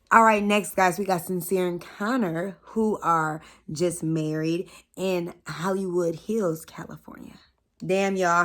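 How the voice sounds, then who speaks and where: A woman's voice: lowish voice, fairly even intonation, unhurried, a bit bright. A woman recapping a reality show in a casual, slangy way, speaking candidly and swearing often, with chatty asides to her viewers.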